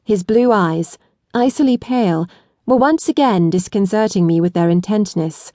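A woman audiobook narrator reading a period novel in first person, with a measured, deliberate delivery. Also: mid-range voice, dark tone, no echo, clean studio sound. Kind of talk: scripted narration.

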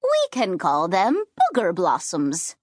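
A woman's voice: on the low side, huge pitch swings, takes it slowly, no room sound, voice pushed down, exaggerated voice. A woman voicing an old grandmother witch who speaks in a dry, matter-of-fact way. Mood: dry amusement.

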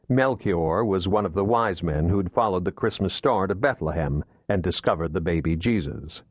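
Male audiobook narrator, very low voice, dry booth sound, measured thriller reading. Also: no echo. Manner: steady, measured storytelling. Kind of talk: scripted narration. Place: recording booth. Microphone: close studio mic.

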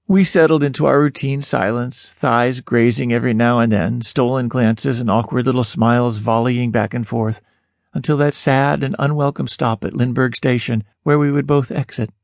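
A man reads an audiobook in a first-person voice, expressive and lively, jumping up in pitch whenever he asks a question. His voice sits in the middle range, and the close studio sound is dry and direct. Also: moderate pace, gravelly, no room sound. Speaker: audiobook narrator. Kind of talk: scripted first-person narration.

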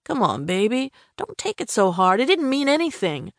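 A woman putting on a hot-headed young man in an audiobook, speaking in a lazy, coaxing drawl. The voice sits lower than usual and sounds dismissive. It is recorded close and dry. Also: expressive, fairly quick, dry recording. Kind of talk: audiobook character voice.

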